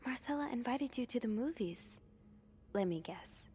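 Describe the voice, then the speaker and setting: A woman voicing a wry, quietly curious young game heroine with a soft, dry-humored delivery, partly whispered, in game audio. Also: fairly high pitch, animated, normal speed, music in the background, close to an everyday voice.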